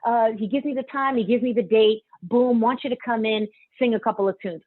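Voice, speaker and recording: A young woman singer tells lively stories, slipping into other people's voices and laughing easily. Her voice sits a little high, and the sound is thin and phone-like. The recording is dry and close, with no room around it. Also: brisk, dry recording. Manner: animated, acts out quotes, laughs often. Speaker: singer and guest. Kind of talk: storytelling in a casual interview. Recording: tinny phone-line sound.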